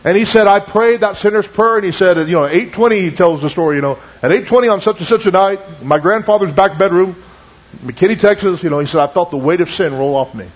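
High-pitched guy preaching, telling a story w lots of asides, kinda muffled lo-fi sound. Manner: retells a story with many asides, quoting in low drawn-out tones. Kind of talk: sermon storytelling. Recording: dull lo-fi recording.

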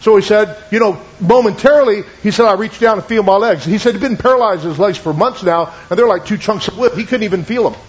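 A man preaching a sermon, retelling a testimony with many asides and quoting it in slow, lowered tones. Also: breathy edge. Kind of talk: sermon storytelling. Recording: dull lo-fi recording.

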